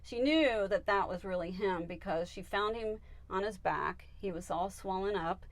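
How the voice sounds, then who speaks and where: A woman's voice: mid-range voice, normal speed, dry recording. A woman who is a psychic medium, telling a story as a guest in an interview and acting out the voices of the people in it. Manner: animated, acts out the voices in her stories.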